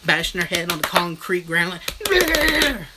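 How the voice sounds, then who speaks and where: A man's voice: a little high, a little slow, very noisy. A man casually recapping a book in a comic, rambling, crude manner as a live streaming reviewer.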